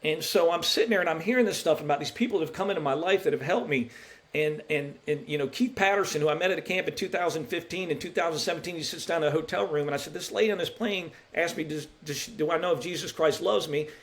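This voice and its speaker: Middle-aged man, podcast guest; earnest, emotional testimony, slightly higher voice, frequent restarts. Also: fast. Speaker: podcast guest, college basketball referee. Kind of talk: personal testimony in a podcast interview.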